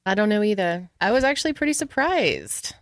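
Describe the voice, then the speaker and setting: A woman's voice: medium pitch, very animated, fairly quick, no room sound, studio quality. A woman co-hosting a podcast, chatting in a casual, upbeat way with lots of laughter. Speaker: podcast co-host.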